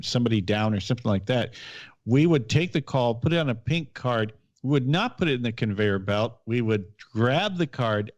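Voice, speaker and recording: A man's voice: mid-range voice, dry recording. A middle-aged man, a podcast host and former police officer, telling a detailed story in casual chat with frequent restarts. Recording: dull, dry podcast audio.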